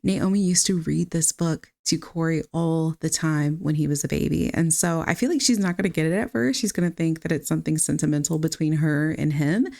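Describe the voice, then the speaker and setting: A young adult woman narrating a life-simulation game for her channel in a casual, chatty way. She talks straight to her viewers as she plays. Her voice sits a little on the low side. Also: brisk, creaky, few pauses, warm tone. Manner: chatty, addresses viewers directly. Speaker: gaming channel host. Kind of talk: casual let's-play narration.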